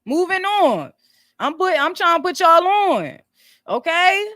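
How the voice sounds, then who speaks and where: Brief: high, bright-toned woman host, blunt and foul-mouthed, casual commentary. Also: very animated, takes it slowly, no room sound. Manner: blunt, profane, explains business details to viewers.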